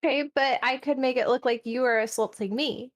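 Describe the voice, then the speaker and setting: A woman speaks as her character in a tabletop game, pushing and bargaining hard for what she wants. Her voice sits high. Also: fairly even intonation, brisk. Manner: pushy, bargaining. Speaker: player.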